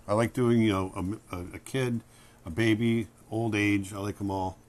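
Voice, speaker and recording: A man with a lowish voice talks through a drawing lesson as he works. He is relaxed and thinks aloud, naming each stroke as he makes it. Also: moderate pace. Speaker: drawing instructor. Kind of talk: drawing tutorial narration.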